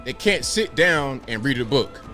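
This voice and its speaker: A man's voice: medium pitch, lively intonation, normal speed. A man in his forties from Virginia, hosting a livestream, telling stories and asking rhetorical questions in a wry, repetitive way. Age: 40s. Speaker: livestream host. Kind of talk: casual chat with a stream chat. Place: home room with bookshelves. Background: game music.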